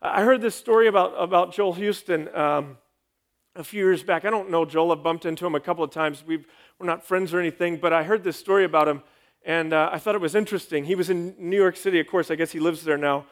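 A man's voice: fairly high pitch, fast. A man, a pastor, giving an emphatic sermon with a sarcastic edge.

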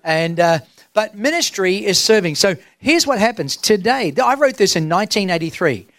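A man's voice: high voice, big pitch swings, normal speed, fairly bright tone, no echo, clean studio sound. A middle-aged man preaching a sermon as senior pastor, emphatic and drawn out, asking the crowd rhetorical questions. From Australia.

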